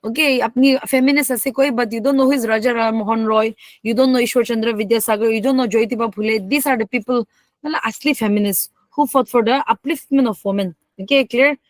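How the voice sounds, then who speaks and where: A woman's voice: fairly high pitch, fairly even intonation, fast talker, no echo. A woman teacher, giving a classroom history lecture and firing rhetorical questions at her class. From Northeast India. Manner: emphatic, code-switching, asks the class rhetorical questions.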